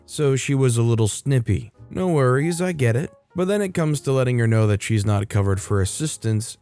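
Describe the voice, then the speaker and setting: A man hosting a story channel, reading stories aloud in a brisk, upbeat narration style. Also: medium pitch, warm tone.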